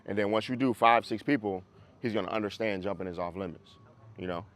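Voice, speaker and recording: A man's voice: lowish voice, brisk. A man, a dog trainer, coaching a group class in a casual, conversational way over a video call, often checking that listeners follow.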